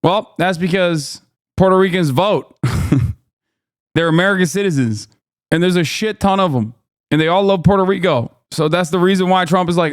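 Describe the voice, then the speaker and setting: Sarcastic male streamer, smooth dry voice. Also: high-pitched, moderate pace, dry recording. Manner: joking, sarcastic, talks back to chat. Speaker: streamer host. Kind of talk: casual reaction commentary.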